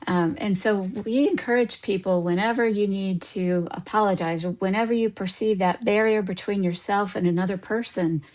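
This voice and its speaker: A woman who works as a counselor and coach, a guest on a radio talk show, explaining in a warm, thoughtful way. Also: mid-range voice, normal speed, hardly any pauses, poor audio. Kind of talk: radio interview.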